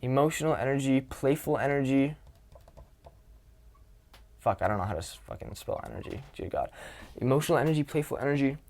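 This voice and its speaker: A young man coaching social skills in a casual, expressive way, swearing freely. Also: mid-range voice, fairly quick, long pauses.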